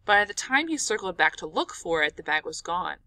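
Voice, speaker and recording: A woman narrating an audiobook in an expressive, dramatic storytelling manner. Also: on the low side, a little fast, no room sound.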